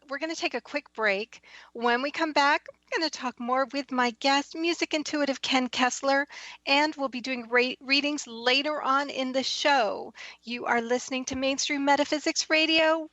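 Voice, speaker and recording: A woman hosting a radio talk show, reacting warmly to her guest and leading into a break. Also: sits high, dry recording, rough recording.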